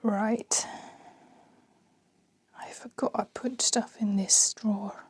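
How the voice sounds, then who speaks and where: Woman, tired, whispered casual podcast, slow, soft dark tone, rambling, self-mocking, bedroom at home. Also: medium pitch, steady tone, slightly rough. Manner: rambling, self-mocking chatter while sorting clothes. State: tired and yawning. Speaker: podcast host.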